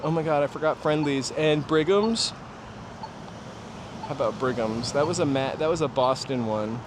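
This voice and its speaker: Guy from new hampshire rambling nostalgic stories on a night walk stream, phone mic, cars going by loud behind him. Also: fairly high pitch, moderate pace. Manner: rambling, nostalgic storytelling with asides to viewers. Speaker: livestream host. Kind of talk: casual walking livestream chat. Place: outdoors on a city street at night. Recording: street traffic noise behind. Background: passing cars and city ambience.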